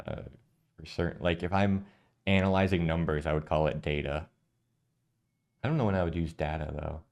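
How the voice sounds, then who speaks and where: A man's voice: a bass voice, normal speed, vocal fry, a little mellow, highs cut off. A man from Minnesota, chatting in a laid-back, agreeable way and thinking aloud. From Minnesota, United States. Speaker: reaction video co-host. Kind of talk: casual reaction chat.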